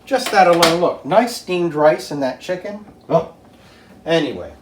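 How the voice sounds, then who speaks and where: A man with a slightly higher voice speaks at an unhurried pace while he cooks and tastes. The sound is roomy and echoey, with a faint hum of background noise. He chats easily and directly to his viewers. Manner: slow, relaxed, talks to viewers while tasting. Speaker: home cooking show host. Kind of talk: casual cooking demonstration.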